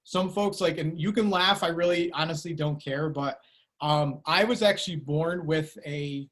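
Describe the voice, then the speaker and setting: Male lecturer, slightly high voice, casual and rambling, lots of fillers, video-call lecture. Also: normal speed, fairly bright tone. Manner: casual, rambling, frequent fillers and self-corrections. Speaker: university lecturer. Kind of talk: online lecture.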